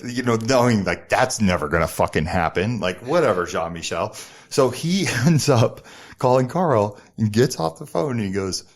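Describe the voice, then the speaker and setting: A middle-aged man with a New Jersey accent, a podcast guest telling a story in a lively, profane way and acting out other people's lines. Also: fairly low pitch, moderate pace. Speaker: podcast guest, former model. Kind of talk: casual storytelling interview.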